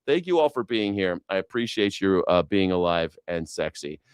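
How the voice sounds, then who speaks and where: A man's voice: sits low, very animated, moderate pace, smooth, no room sound, clean studio sound. A man hosting a news reaction show, riffing sarcastically in rambling, profane commentary. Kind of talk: casual comedic commentary.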